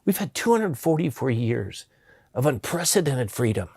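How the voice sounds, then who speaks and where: A man's voice: medium pitch, big pitch swings, normal speed, darkish tone, husky, no echo, clean studio sound. A man in his fifties, a pastor from Southern California, earnestly telling personal stories in an interview. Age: 50s. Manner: earnest, impassioned.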